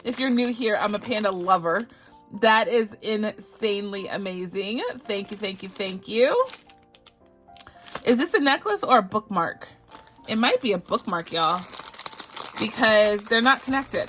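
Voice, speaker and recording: A woman's voice: medium pitch, a bit bright. A woman from Barbados hosting a budgeting channel, chatting through a casual unboxing vlog in a bubbly, effusive way and gushing with thanks.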